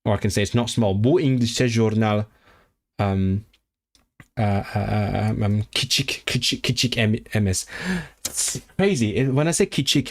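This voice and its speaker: Casual male streamer, slightly low voice, drills foreign phrases slowly and muses aloud with many ums. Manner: thinking aloud, halting, with many fillers and restarts; slow, careful repetition of foreign phrases. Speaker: language-learning streamer. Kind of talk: casual livestream language practice.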